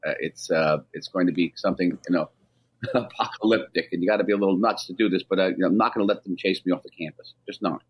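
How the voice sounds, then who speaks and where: This is a man with a husky, slightly low voice being interviewed on radio. He speaks with urgent insistence and frequently stops and restarts his sentences. He pushes every point hard. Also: fast. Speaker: ambassador, interview guest.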